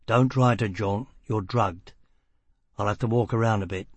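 A man voicing a self-assured, menacing male boss who talks in a brisk, mocking way. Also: lowish voice, slightly rough, no echo.

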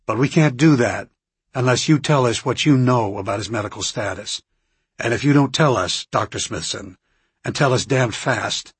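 A man's voice: mid-range voice, breathy edge, no room sound. A man playing a firm, insistent government doctor.

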